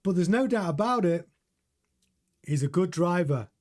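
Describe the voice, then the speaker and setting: A man's voice: high-pitched, lively intonation, moderate pace, a little mellow. A man hosting a casual live stream about motor racing, chatty and opinionated, reading out viewer comments. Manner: chatty, opinionated, reads chat aloud. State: drinking coffee. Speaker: host.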